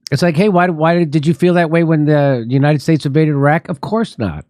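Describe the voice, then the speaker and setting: A man's voice: on the high side, brisk, a little mellow, dry recording, studio quality. A man hosting a political comedy talk show, sarcastic and profane, with jokey asides. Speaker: host.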